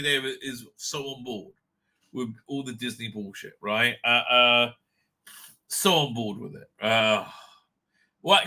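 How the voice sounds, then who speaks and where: A man's voice: on the high side, bright, forceful tone. A man hosting a livestream, ranting with a lot of swearing and exasperation, and reading chat messages aloud. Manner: reads chat names and comments aloud. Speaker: livestream host.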